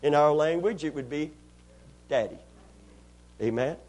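A man preaching a sermon to a church congregation, calling for responses and stretching out key lines for emphasis. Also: on the high side. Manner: rises to loud, drawn-out emphasis on key lines. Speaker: pastor.

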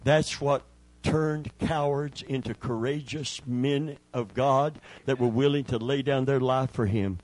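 A man's voice: fairly even intonation, measured pace, rough recording. A man preaching a sermon as a pastor, telling folksy stories, calling for amens and swelling into emphatic peaks. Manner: preaching with sudden swells in pitch and loudness; folksy storytelling with calls for amen.

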